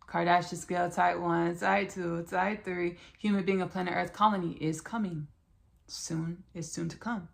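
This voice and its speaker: Low gravelly woman hosting a spiritual podcast. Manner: repetitive, talks straight to listeners as "y'all" and "baby". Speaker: podcast host.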